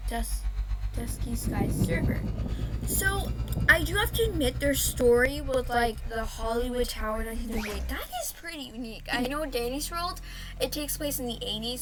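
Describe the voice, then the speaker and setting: With some background noise behind her, a young gaming host talks over a video game in a chatty, rambling way. Her voice is a little high, and she keeps correcting herself mid-sentence.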